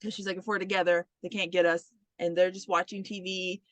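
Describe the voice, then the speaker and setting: A woman's voice: on the low side, fairly quick, no echo. A woman co-hosting a podcast in casual chat, retelling a horror movie scene by scene and acting out the characters' lines, swearing freely. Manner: animated storyteller who acts out the characters' lines and swears freely. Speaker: podcast co-host.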